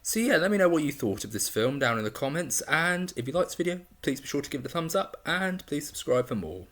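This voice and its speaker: A man's voice: on the high side, big pitch swings, quick pace, fairly bright tone. A man giving a casual film review on his own channel, talking enthusiastically and rambling, with frequent restarts.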